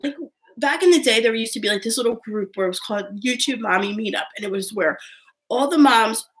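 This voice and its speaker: Chatty young woman with a high voice. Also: fairly quick. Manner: chatty, rambling, heavy use of "like", frequent laughs. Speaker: live stream host. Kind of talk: casual live-stream chat reading viewer comments.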